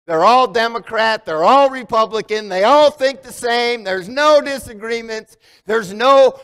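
Slow-preaching pastor with a high voice. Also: male voice, a bit bright, clean tone. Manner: conversational preaching, asks the congregation questions. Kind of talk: sermon. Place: church sanctuary. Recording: long hall reverb.

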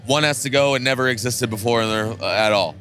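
A man's voice: medium pitch, fast. A man hosting a podcast interview at a trade show, talking loosely and casually with plenty of fillers. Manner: relaxed and loose, with many fillers and restarts. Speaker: podcast host. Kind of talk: casual interview chat and storytelling.

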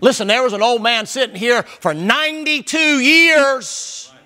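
High, bright-voiced preacher man. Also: unhurried. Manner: loud, emphatic, hollering at times. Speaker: pastor. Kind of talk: sermon.

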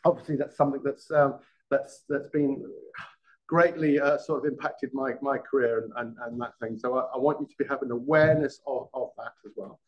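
Halting middle-aged male lecturer. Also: medium pitch, fairly even intonation, highs cut off. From England. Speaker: guest lecturer, former police detective. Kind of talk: live classroom lecture.

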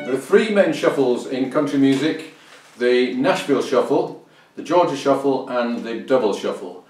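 A man's voice: medium pitch, lively intonation, moderate pace, over music. A man explaining and demonstrating fiddle bowing as a teacher, counting beats aloud and humming rhythms. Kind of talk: instructional explanation. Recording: roomy, distant mic, fiddle playing.

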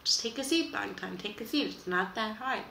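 Young female reaction vlogger, bright and gravelly, melodramatic and exasperated, echoey room. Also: medium pitch, animated, moderate pace. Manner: dramatic, exasperated, trails off and restarts. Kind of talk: casual reaction chat to camera. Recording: echoey room with faint background noise.

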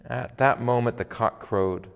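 A man reading scripture in a worship service, expressive and deliberate. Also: medium pitch, vocal fry, clean tone, big-room sound. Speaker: lay reader. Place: church.

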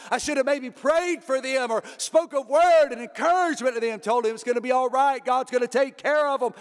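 A pastor preaching a sermon, with emphatic rises and drops and repeated phrases. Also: male voice, very high-pitched, a bit bright. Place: church sanctuary. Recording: reverberant church hall.

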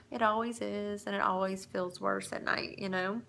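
Tearful woman vlogging softly on a phone. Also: medium pitch, normal speed, creaky, slight background noise. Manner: soft, hushed to avoid waking a child. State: tearful, close to crying. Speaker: vlogger, mother. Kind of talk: casual vlog. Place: home kitchen. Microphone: phone camera.

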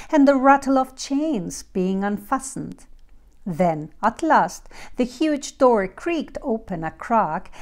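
Woman narrating a storybook, slow careful reading, fairly high voice. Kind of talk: storybook narration for English learners.

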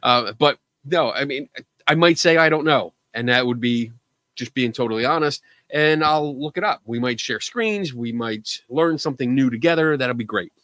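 A man's voice: medium pitch, moderate pace, a bit bright, no echo. A man hosting a live call-in show, chatting casually in a joking, self-deprecating way. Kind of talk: casual livestream chat.

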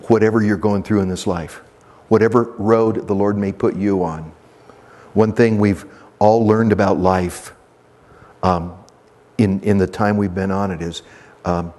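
A male pastor preaching a verse-by-verse sermon in a church, emphatic and repetitive, swinging between soft and animated delivery. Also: lowish voice.

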